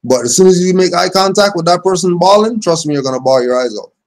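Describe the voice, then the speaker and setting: A man's voice: high-pitched, expressive, fast, a little mellow. A man giving a casual religious teaching, reading passages aloud and then explaining them in everyday speech. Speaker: spiritual teacher.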